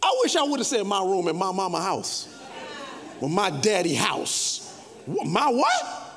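A man preaching a sermon, shifting from conversational asides to playful mock shouting. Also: sits high, sing-song, moderate pace. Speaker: pastor. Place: church sanctuary. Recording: reverberant hall.

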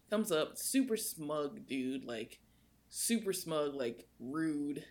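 Young woman, podcast co-host, gravelly fry, lively storyteller. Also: measured pace. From United States. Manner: animated, swings in pitch while telling a story. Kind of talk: casual storytelling chat.

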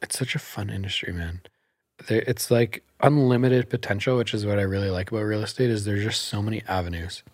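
A man's voice: lowish voice, brisk, dry recording, studio quality. A man who works as a realtor, talking in a casual podcast chat as a guest, telling stories animatedly and laughing often.

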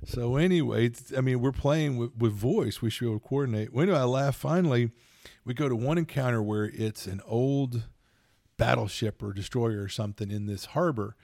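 Gravelly middle-aged man telling stories. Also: mid-range voice, normal speed, no room sound, clean studio sound. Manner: rambling, animated storytelling with laughs. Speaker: podcast co-host. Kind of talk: casual chat.

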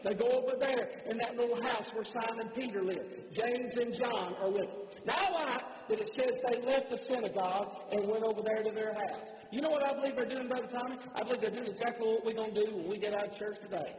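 A man preaching in a church sanctuary. His voice sits very high for a man. It carries a long, roomy reverb from the hall as he rises to shouts and then drops to a hush. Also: fairly quick, slight background noise. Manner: impassioned preaching, rising to shouts, dropping to soft emphasis. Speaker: pastor. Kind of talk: sermon.

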